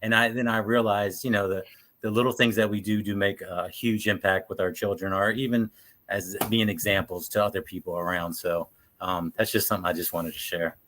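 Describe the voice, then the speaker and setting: A man with a lowish voice speaks reflectively, pausing and restarting as he shares a personal lesson. The delivery is quiet and thoughtful. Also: fairly even intonation, slight background noise. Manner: reflective, halting. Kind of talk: casual conversation.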